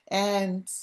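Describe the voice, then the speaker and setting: A woman's voice: mid-range voice, darkish tone. Woman, live podcast host, rambling chatty delivery, spiritual talk, video call audio. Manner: rambling, chatty, self-interrupting with laughs.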